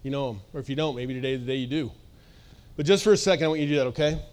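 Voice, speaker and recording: Man preaching to a congregation, chatty and animated, voice slightly high. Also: racing. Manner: casual, animated, acts out voices, laughs often. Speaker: pastor. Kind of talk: sermon. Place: church service.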